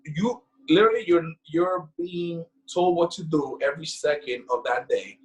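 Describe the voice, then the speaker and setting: A man from the Bronx with a New York accent, telling stories in a casual interview and acting out the people in them with loud, high voices. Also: moderate pace, rough recording. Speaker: guest. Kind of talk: casual storytelling in a podcast interview.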